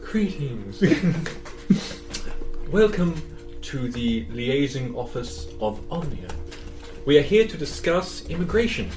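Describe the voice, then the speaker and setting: A man voicing a breathy orc woman official. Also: a little high, sing-song, slow, pauses often, darkish tone, soft background music. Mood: formal. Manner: polite, officious. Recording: roomy, distant mic.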